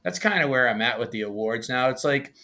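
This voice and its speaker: A chef from Massachusetts talks in a casual interview with a clear Massachusetts accent. His voice is bright and forward, his pitch sits in the middle, and his stories come out with eager, animated energy. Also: brisk. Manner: animated, enthusiastic storytelling. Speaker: executive chef, guest.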